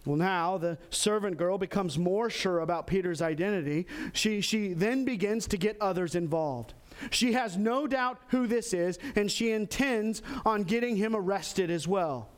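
A pastor preaching a sermon, animated, acting out quoted lines with sudden jumps in pitch. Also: male voice, a little slow, clean tone. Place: church in Texas.

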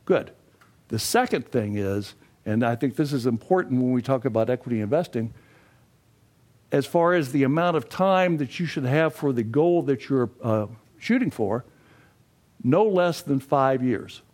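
A man's voice: medium pitch, lively intonation, unhurried, darkish tone. An older man giving a classroom lecture on finances, folksy and posing questions to the class before answering them himself. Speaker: financial education instructor.

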